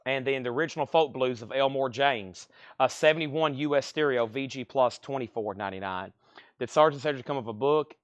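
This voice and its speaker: A man running a livestream vinyl record auction with a quick, steady patter of grades, prices and bids, coughing now and then from allergies. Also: medium pitch, no room sound, lo-fi sound. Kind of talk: fast live-sale patter.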